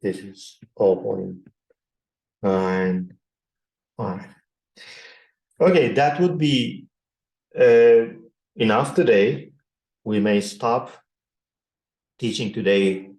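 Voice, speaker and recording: A man with a Turkish accent giving a university statistics lecture, slowly reading out numbers and repeating himself. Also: fairly low pitch, darkish tone. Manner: slow, repetitive, reading out numbers. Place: classroom. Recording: echoey classroom.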